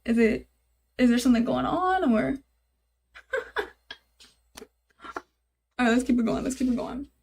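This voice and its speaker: A woman's voice: high-pitched, expressive, unhurried, creaky, long pauses, a little mellow, a little hiss or hum. A young woman live-streaming while she codes, thinking aloud, repeating herself, and talking to her chat in casual, easily exasperated chatter.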